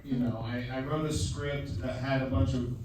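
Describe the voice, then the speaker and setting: On a large theater stage, a director answers live Q&A questions at normal speed in a medium-pitched, flat voice. His talk is loose and full of fillers, restarts and easy laughter, heard through a far-off mic with echo and faint background noise.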